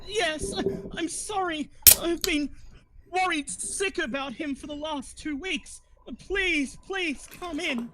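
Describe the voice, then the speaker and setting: A man's voice: very high voice, takes it slowly, noisy background, pitched above the performer's own voice. A man voicing a young woman, an aspiring actress who fakes sobs and plays up her worry. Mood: fake distress. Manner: theatrical, fake sobbing, dramatic.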